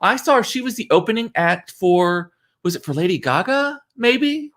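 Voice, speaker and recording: Guy rambling on a livestream, lotta ums, voice a bit on the high side. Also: expressive, moderate pace, a bit bright. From South Texas. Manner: chatty and rambling, with many fillers and restarts. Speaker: livestream host. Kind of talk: casual live-stream chat.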